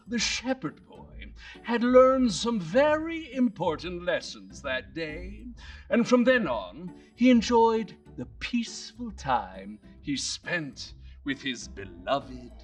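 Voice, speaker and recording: A woman telling a bedtime story slowly and expressively. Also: fairly low pitch. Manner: slow, very expressive, hushed at times. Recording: distant mic, soft music behind.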